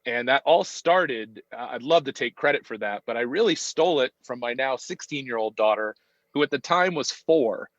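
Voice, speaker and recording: A man's voice: medium pitch, animated, normal speed, a bit bright, no echo. A man in his fifties, a podcast guest, talking in a reflective, hesitant way with many ums and restarts. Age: 50s. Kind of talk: casual conversational interview. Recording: dull, dry sound.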